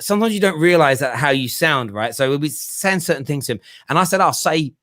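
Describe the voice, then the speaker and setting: A man's voice: a little high, lively intonation, brisk, a bit bright. A young adult man with a Cockney accent hosting a casual football podcast, laughing often and repeating words. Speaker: host.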